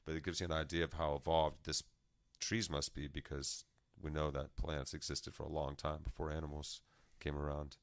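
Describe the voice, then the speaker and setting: Brief: very low, flat-toned man, podcast co-host, reflective musing, dry close sound. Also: moderate pace, few pauses, dry recording. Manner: musing, reflective, trails off mid-thought. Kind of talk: casual philosophical discussion.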